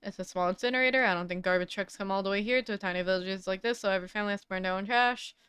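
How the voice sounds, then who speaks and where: A woman streamer reads a game's text aloud in a casual voice, dropping wry asides between the lines. Her tone is very smooth and clean, and the sound is dry and close, as if she is right at the mic. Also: medium pitch, very fast, fairly bright tone, no echo. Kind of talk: reading game dialogue aloud with asides.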